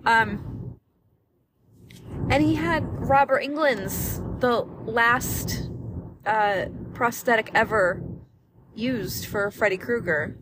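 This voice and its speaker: A woman's voice: on the high side, slow, pauses often, noisy background. Chatty, swearing young woman podcaster. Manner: chatty, swears freely, many likes and restarts. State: has the hiccups. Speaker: podcast co-host. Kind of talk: casual chat.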